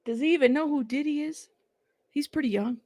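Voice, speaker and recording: A woman's voice: high-pitched, brisk, mellow, no echo. A woman hosting a casual reaction commentary stream, chatty and exasperated, often laughing. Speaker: commentary channel host.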